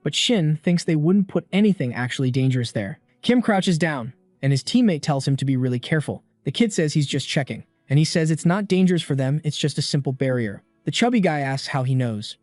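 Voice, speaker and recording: A man narrating a comic story recap in a casual, brisk storytelling manner. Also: fairly high pitch, lively intonation, darkish tone, no room sound. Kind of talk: scripted narration. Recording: dry close voice-over with faint music.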